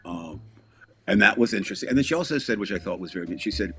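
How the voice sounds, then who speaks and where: A man's voice: low-pitched, expressive, fast talker, bright, forceful tone, slightly rough. A man chatting casually as a podcast co-host, telling a long story in a rambling way with restarts, asides and small chuckles.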